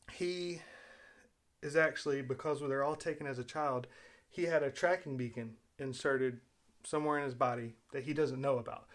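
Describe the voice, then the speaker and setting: A man hosting his own video, talking in a casual, rambling way as he retells a story, with fillers and restarts. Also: mid-range voice. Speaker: video host. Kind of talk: casual spoken commentary.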